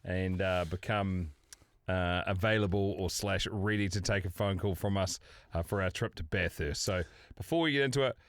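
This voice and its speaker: A man's voice: low voice, moderate pace, no room sound, clean studio sound. An Australian man co-hosting a casual podcast, given to swearing, laughing and banter. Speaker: podcast co-host.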